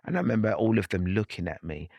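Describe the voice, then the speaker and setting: A man's voice: fairly low pitch, fast talker, gravelly, darkish tone, dry recording. A man, a podcast guest, recounting a personal story in an earnest, reflective way with frequent restarts.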